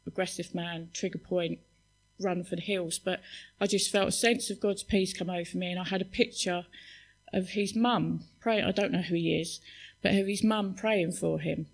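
A woman giving a heartfelt church testimony, halting and restarting as she speaks. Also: medium pitch, steady tone, gravelly, low-quality recording. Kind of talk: spoken testimony at a church service.

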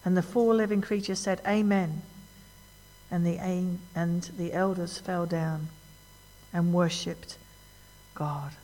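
A woman's voice: on the low side, slow, long pauses. Woman preaching in a reverberant church. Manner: animated, rising and falling for emphasis, asks the congregation questions. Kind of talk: sermon. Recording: long hall reverb.

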